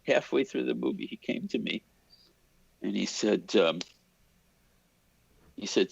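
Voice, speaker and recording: Gravelly older man telling stories. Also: lowish voice, measured pace, pauses often. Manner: animated storyteller, imitates voices in quotes. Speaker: cinematographer guest. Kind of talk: storytelling in an interview. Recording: dull lo-fi sound.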